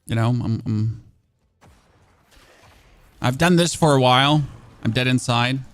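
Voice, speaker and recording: A man's voice: mid-range voice, measured pace, no room sound. A German man with a German accent, a streamer giving casual gameplay commentary and answering chat in a chatty, self-mocking way with many fillers.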